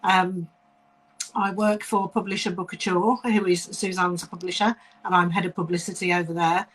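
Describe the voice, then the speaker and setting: A woman's voice: lowish voice, little pitch movement, moderate pace, husky, low-quality recording. A woman from Staffordshire with a West Midlands accent, answering interview questions over a video call in a friendly way with many ums. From Staffordshire, England. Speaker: author and guest.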